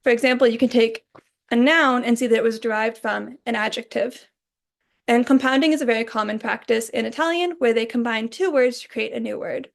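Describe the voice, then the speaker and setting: A young woman delivers a recorded class presentation in a clear, explanatory way. Her voice sits a little high and carries a gravelly edge. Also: brisk. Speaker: student presenter.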